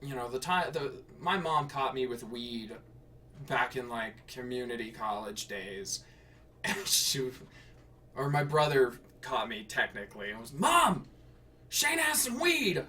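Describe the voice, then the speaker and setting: A man's voice: mid-range voice, measured pace, bright, forceful tone, far from the mic, slight background noise. Man reading his own story, chuckling. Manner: laughing, self-correcting, rambling asides. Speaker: streamer writing flash fiction live. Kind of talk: casual streamed reading.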